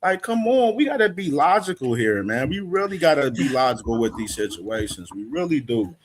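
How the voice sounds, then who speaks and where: A man's voice: mid-range voice, very animated, moderate pace. A man co-hosting a live boxing stream, laid-back and talking in casual slang.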